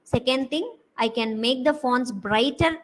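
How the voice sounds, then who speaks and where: A woman's voice: high-pitched, unhurried, poor audio. A woman with an Indian English accent giving a university design lecture, talking through slide examples with many hesitant fillers.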